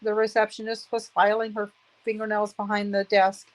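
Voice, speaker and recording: A woman's voice: medium pitch, completely flat delivery, normal speed, low-quality recording. A woman in her fifties giving an emotional personal testimony, aggrieved and earnest, repeating phrases for emphasis. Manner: aggrieved, indignant.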